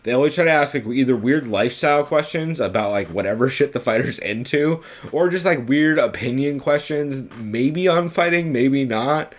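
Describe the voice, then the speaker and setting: A man's voice: mid-range voice, expressive, normal speed, few pauses. A man co-hosting a podcast in casual chat, loose and profane, rambling with lots of fillers. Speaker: podcast co-host.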